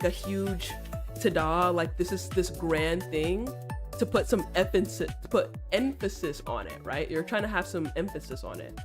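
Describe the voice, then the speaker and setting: A woman streamer chatting casually and critiquing art, playful and slangy, teasing her chat and explaining ideas slowly. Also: on the low side. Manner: explains slowly and repeats herself while drawing.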